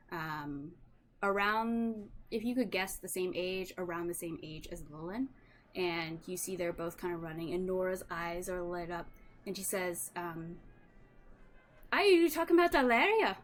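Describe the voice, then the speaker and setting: A woman game master narrating a tabletop role-playing scene casually, with many "um" and "like" fillers. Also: lowish voice.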